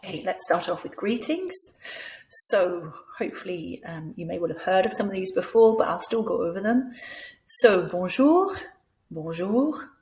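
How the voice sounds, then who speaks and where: A woman leading a teacher training session, explaining things patiently and clearly, often acting out words in different voices. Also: lowish voice, expressive, moderate pace, a little mellow, a little hiss or hum. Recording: echoey room.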